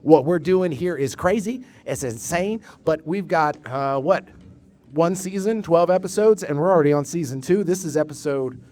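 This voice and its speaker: A man with a slightly high voice hosts a live comedy night in a bar. He rambles energetically and swears casually as he talks up his show to the audience. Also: moderate pace, mellow. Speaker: host and producer of the show.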